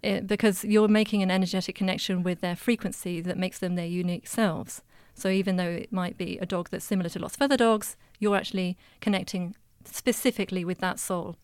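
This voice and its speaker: A woman speaks calmly and earnestly, her voice smooth and clear. She sounds close and dry, with no room around her. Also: lowish voice, fairly quick, hardly any pauses, no echo. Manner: calm, earnest, explanatory. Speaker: animal communicator guest. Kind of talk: casual chat.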